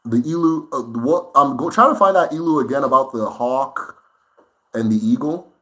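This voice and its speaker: A man hosting a casual livestream Q&A, speaking conversationally and often checking in with "right?". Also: medium pitch. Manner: relaxed and unhurried, with fillers and restarts while thinking. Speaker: host answering viewer questions.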